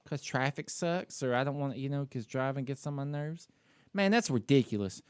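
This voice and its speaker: A man's voice: medium pitch, expressive, normal speed, clear, resonant tone, no echo. Candid self-critical man telling a story. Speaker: podcast co-host. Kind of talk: casual chat.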